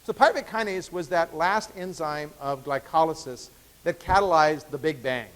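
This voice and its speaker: Give me a male professor lecturing casually in a reverberant lecture hall, a bit high-voiced. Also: moderate pace, a bit bright. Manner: conversational, with fillers and restarts. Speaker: biochemistry professor. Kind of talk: university lecture.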